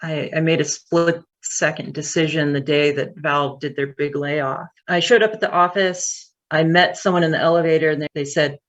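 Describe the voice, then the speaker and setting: A woman who runs a tech company, telling a story in an interview, candid and animated, with fillers. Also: low voice, moderate pace, hardly any pauses.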